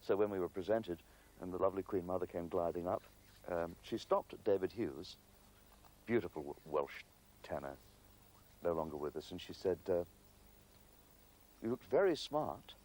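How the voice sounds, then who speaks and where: A man's voice: low-pitched, moderate pace, long pauses, a little mellow. A man telling a wry anecdote and acting out the quoted lines.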